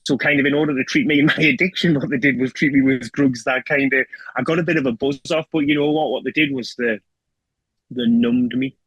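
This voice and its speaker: A man's voice: mid-range voice, steady tone, a little fast, fairly bright tone, breathy edge, no echo, lo-fi sound. A middle-aged man with a North East England accent speaks as an interview guest, telling his own story in a raw, emotional way with plenty of swearing and repeated "do you know what I mean". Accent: North East England (Geordie). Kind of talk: candid personal storytelling.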